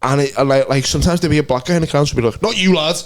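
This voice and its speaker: A man's voice: mid-range voice, very fast. A young man with a Scouse accent, co-hosting a casual podcast chat, telling stories and swearing freely. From Liverpool, England. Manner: swears freely, storytelling, puts on voices. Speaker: podcast co-host.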